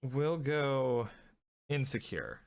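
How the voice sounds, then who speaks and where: A man's voice: mid-range voice, sing-song, extremely slow, creaky, smooth. A man narrating as game master of a tabletop role-playing game, hesitant with many fillers and restarts.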